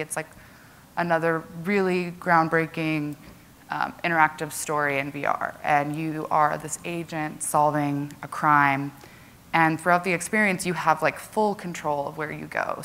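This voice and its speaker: Low-voiced woman presenting, chatty. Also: fairly bright tone. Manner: chatty, lots of "like" and "um" fillers. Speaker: conference presenter. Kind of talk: casual presentation to a live audience.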